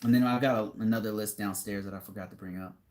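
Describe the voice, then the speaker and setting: Young man, low-pitched voice, relaxed rambling stream chat, laughs often. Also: fast talker. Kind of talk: casual live-stream chat.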